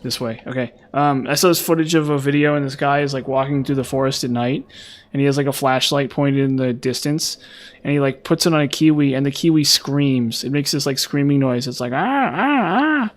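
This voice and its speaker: A man's voice: mid-range voice, fairly even intonation, a little fast. A man chatting casually while playing a video game, rambling with lots of fillers and restarts. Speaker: gaming streamer.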